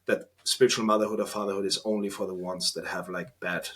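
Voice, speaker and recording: A man in his thirties with an Austrian German accent, a guest on a podcast interview, talking earnestly and reflectively with halting restarts. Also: deep voice, little pitch movement, a bit bright. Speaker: podcast guest, trainee priest.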